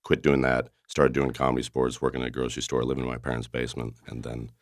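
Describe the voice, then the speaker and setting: A man with an extremely deep, low voice talks in easy, earnest conversation as a podcast guest. He often lets his sentences trail off softly. The sound is dry and close. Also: completely flat delivery, fast, dry recording. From American Midwest. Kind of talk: casual chat.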